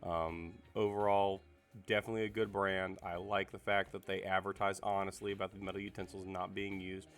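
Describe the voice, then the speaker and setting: Very deep, flat-voiced raspy sick man. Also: brisk, hardly any pauses. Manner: relaxed, rambling with fillers and restarts. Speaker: cookware reviewer. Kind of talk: casual product review.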